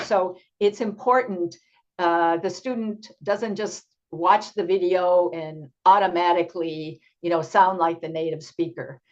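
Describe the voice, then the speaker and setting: An older woman presenting an online teaching workshop, explaining slowly and patiently with frequent ums, heard over a video call. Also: mid-range voice. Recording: dull lo-fi video call audio.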